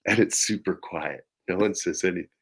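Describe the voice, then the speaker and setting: A man in his forties, the guest of an interview, telling lively, laughing anecdotes in casual chat. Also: low voice, a little fast, breathy edge. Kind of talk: casual storytelling.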